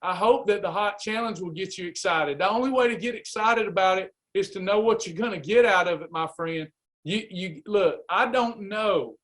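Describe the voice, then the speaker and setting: A man's voice: sits high, moderate pace, a bit bright. A man coaching a live weight loss class, urging listeners on in a fired-up, preacherly way. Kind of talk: live class pep talk.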